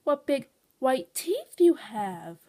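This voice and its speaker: A woman voicing an eager little girl in a red hood, in a slow, sing-song storybook delivery. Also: sits high, very animated, dark tone, heavily acted.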